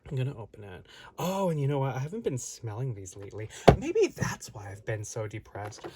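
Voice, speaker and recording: A man's voice: mid-range voice, wildly swooping pitch, brisk, heavy background noise. Rambling man unboxing a toy. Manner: rambling, chatty, self-interrupting. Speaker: toy reviewer. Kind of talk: casual unboxing chat.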